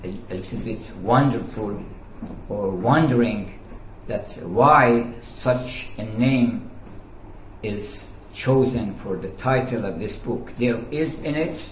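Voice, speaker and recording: A man tells teaching stories in a slow, deliberate lecture, pausing and hesitating as he goes. His voice sits in a roomy, echoing space. The recording is dull and lo-fi, with faint noise underneath. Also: mid-range voice. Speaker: speaker on Sufism. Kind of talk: storytelling lecture. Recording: echoey, dull lo-fi room recording.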